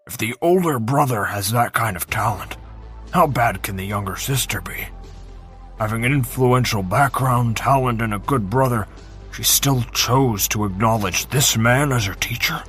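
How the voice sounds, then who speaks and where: A man's voice: medium pitch, moderate pace, a bit bright, soft background music, close to an everyday voice. A man voicing an arrogant, scornful male academy teacher in a fantasy audiobook, sneering and incredulous. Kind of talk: audiobook character reading.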